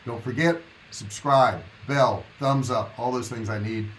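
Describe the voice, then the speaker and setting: A man's voice: medium pitch, a little slow, a little hiss or hum, low-quality recording. A man hosting a casual live stream, talking to his viewers in a loose, rambling, chatty way. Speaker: livestream host.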